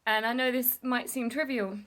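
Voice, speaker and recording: A woman's voice: fairly high pitch, fairly even intonation, moderate pace, a bit bright. A young woman telling a personal story to camera in a candid, emotional vlog, swearing casually and tearing up at times. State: tearful at times. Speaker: vlogger.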